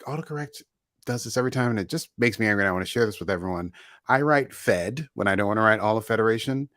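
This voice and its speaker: A fairly low-voiced man co-hosts a podcast, chatting loosely as he recaps an episode. He is playful and jokey and now and then drops into goofy put-on voices. The sound is dry and close, with no room around it. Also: expressive, quick pace, a bit bright, dry recording. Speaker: podcast co-host. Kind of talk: casual chat, recapping an episode.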